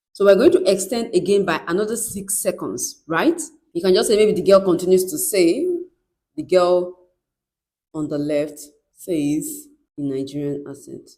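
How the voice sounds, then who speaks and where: A woman's voice: fairly low pitch, warm tone. A woman giving a step-by-step screen tutorial in an instructive way, often checking in with "right?". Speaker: tutorial presenter.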